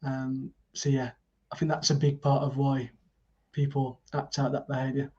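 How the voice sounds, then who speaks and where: A man's voice: medium pitch, little pitch movement, moderate pace, dark tone, slightly rough, lo-fi sound. A man being interviewed as a guest, talking in an easygoing, reflective way. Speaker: festival organiser and guest. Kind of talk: casual interview chat.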